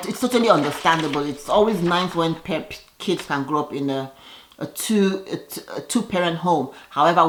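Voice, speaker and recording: A woman giving a casual, chatty recap of a TV episode. She leans on "you know" and acts out the cast's lines with animated quoting. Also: low-pitched. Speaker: reality TV recap vlogger. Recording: roomy echo.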